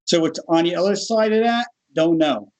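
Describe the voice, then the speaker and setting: A middle-aged man with a fairly high voice tells a personal story in a relaxed, conversational way. He livens it up by acting out the other people's lines in changed voices. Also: normal speed, low-quality recording. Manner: animated, acts out other people's voices in his stories. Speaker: guest. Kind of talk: casual storytelling.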